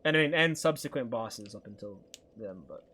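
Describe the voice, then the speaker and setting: A young live-streamer from Alberta with a light Canadian accent chats casually with his stream chat while gaming, rambling as he reads questions aloud and answers them. His mid-range voice is sharp and fairly quick with lively intonation. There's slight background noise.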